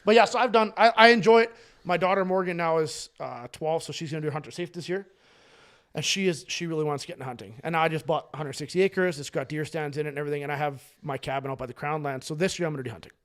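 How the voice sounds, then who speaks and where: A man's voice: fairly high pitch, fast, fairly bright tone. A man on a casual podcast, telling rambling, profane stories and laughing along as he talks. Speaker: podcast co-host.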